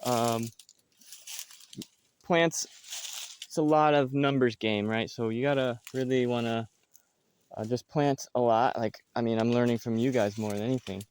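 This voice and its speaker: A man's voice: mid-range voice, smooth. A man giving a casual outdoor tour of his farm, talking loosely with many fillers and restarts. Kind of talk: casual walking tour narration.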